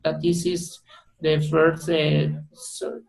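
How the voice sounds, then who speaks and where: A male student with a mother tongue, presenting in a class over a video call. He talks haltingly, full of fillers and self-corrections. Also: fairly high pitch, completely flat delivery, vocal fry, low-quality recording. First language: Spanish.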